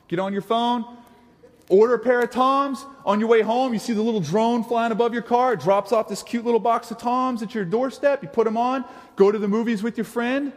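A young adult man preaching a sermon, animated, with playful asides and mimicked voices. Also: very high voice, brisk. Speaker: pastor. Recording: long hall reverb.

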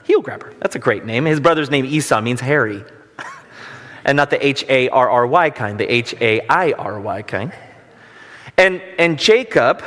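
Here a pastor with a fairly high, sharp-toned voice preaches, pairing scripture reading with casual tales that make fun of himself. He stays conversational, and the hall gives a long reverb.

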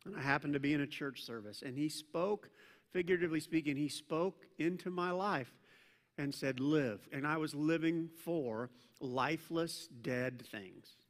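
A man preaching a sermon to a congregation, talking conversationally and joking with the room, swinging between loud emphasis and hushed intensity. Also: fairly high pitch, moderate pace. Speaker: pastor. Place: church service with a congregation. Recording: long church reverb.

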